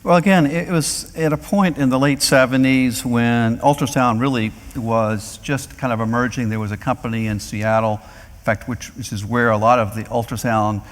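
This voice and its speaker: A man's voice: mid-range voice, fairly even intonation, moderate pace. A middle-aged man from North Carolina, a medical device executive, answering interview questions conversationally before a live audience, with frequent fillers. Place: lecture hall with audience. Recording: long hall reverb.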